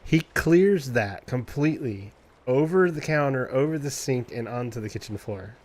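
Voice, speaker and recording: A man streamer chatting casually, telling an animated story in a loose, profane way and imitating cat noises. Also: medium pitch, normal speed. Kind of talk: casual chat.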